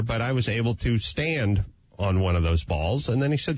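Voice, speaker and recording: A man, a talk show guest, telling a playful, self-mocking comic anecdote in a husky voice. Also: mid-range voice, expressive, moderate pace, dry recording, lo-fi sound.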